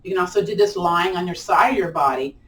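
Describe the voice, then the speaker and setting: A woman's voice: on the low side, quick pace. Woman, lilt, chair yoga instructor, chatty and encouraging, echoey room, distant mic. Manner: chatty and encouraging, playful whoops during holds. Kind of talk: live online exercise class instruction. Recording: roomy echo, mic at a distance.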